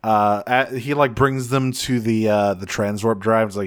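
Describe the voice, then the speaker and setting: A man's voice: lowish voice, steady tone, normal speed, clean tone, no echo, clean studio sound. A man hosting a podcast, retelling a cartoon episode in casual chat with a rambling, self-restarting manner. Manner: rambling recap with frequent restarts. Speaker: podcast host.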